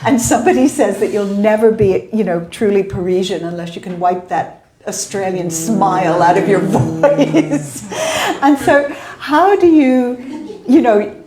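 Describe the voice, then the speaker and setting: Woman, interviewer, bookshop talk, halting questions, echoey room. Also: mid-range voice, warm tone, faint music behind. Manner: hesitant, many fillers and restarts.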